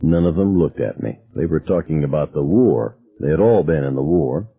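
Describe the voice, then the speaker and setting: Low husky male audiobook narrator. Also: lively intonation, normal speed, no echo. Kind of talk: first-person novel narration. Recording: narrow phone-like sound.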